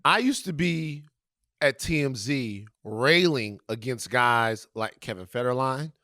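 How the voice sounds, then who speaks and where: A man of ordinary pitch co-hosting a chat podcast, recorded dry and close. He talks casually and jokes with his co-host. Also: animated, measured pace, bright, forceful tone, no echo. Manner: joking, talks while eating.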